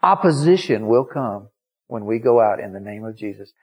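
A man's voice: on the low side, animated, normal speed, a little mellow, slightly rough. A male preacher giving a sermon in an emphatic storytelling manner, acting out the quotes in his story.

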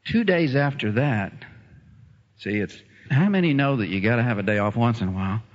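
A man's voice: mid-range voice, fairly quick, in a large hall. A man preaching a sermon, telling a story and acting out the voices of the people in it. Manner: animated, acts out voices in his stories. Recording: dull lo-fi recording.

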